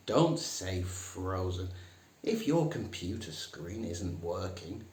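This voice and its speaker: A man teaching a comic lesson, dry and mock-serious, putting on higher voices for the phrases he quotes. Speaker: English teacher. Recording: echoey room.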